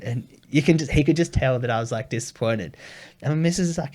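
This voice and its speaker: Animated man telling stories. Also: medium pitch, quick pace. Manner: animated storyteller, swears freely, acts out voices. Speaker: comedian. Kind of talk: casual podcast chat.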